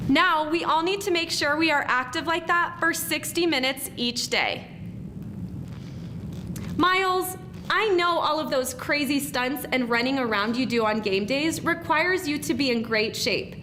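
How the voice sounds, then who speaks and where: A woman's voice: high voice, a little slow, noisy background. A woman speaking to a school group as a presenter, upbeat and encouraging. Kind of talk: scripted talk to students.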